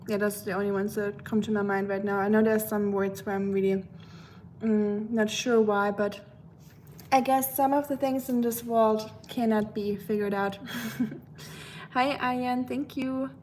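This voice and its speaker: A woman's voice: medium pitch, flat delivery, slow pace, pauses often, a little mellow, slight background noise. A woman from Germany with a German accent, chatting casually with live-stream viewers in her home kitchen while she cooks. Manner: chatty and rambling, talks to viewers in the chat.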